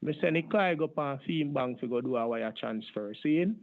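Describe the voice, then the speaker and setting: A man's voice: medium pitch, expressive, moderate pace, close to an everyday voice. A man playing a boastful Jamaican street hustler in thick put-on patois, rambling on with "brother" and "my father", heard over a tinny phone line. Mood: insistent. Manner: rambling, long-winded, repeats "my father" and "brother". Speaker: scambaiter.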